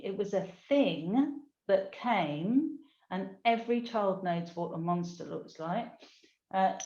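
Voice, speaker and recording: A woman's voice: medium pitch, a little mellow. Heartfelt older woman in an echoey room. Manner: heartfelt, emotional, unhurried. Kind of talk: casual conversation. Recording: echoey room, dull lo-fi sound.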